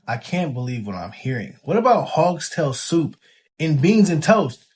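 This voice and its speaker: Man as indignant British grandma, sketch comedy, lively swooping pitch. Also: unhurried. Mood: outraged. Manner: outraged, incredulous. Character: indignant British grandmother defending her cooking.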